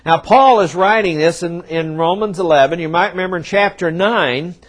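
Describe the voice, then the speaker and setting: Preaching with emphasis, this pastor speaks in a somewhat high voice, using dramatic pauses and letting his volume drop and rise. At times he voices the quoted prophets and God conversationally, still speaking plainly.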